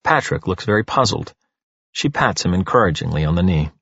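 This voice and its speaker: A man narrating an audiobook in an expressive, animated storytelling manner. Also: low-pitched, fairly quick, gravelly, breathy edge, no room sound, dull audio.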